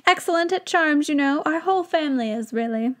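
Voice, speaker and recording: A woman voicing a small, excitable male wizard shopkeeper with an odd put-on accent, in a fan fiction read-aloud. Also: high voice, a little fast, pitched above the performer's own voice. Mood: eager.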